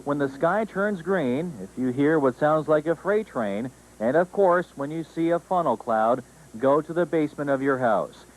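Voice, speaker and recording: A male news reporter and show host reading a scripted news report in a measured, formal way. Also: on the high side, expressive, a little hiss or hum, low-quality recording.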